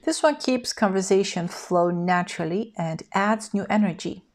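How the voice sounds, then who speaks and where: A woman teaching English in a scripted lesson, speaking in a clear, even instructional way and modeling example phrases for the learner. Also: mid-range voice, moderate pace, few pauses.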